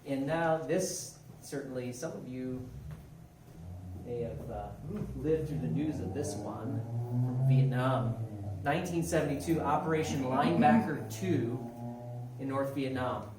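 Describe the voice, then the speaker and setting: A man, a military chaplain, introducing picture slides to a museum audience in a relaxed, measured way. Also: medium pitch. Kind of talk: informal talk to a museum audience. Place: museum room. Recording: echoey room, distant mic, clear noise.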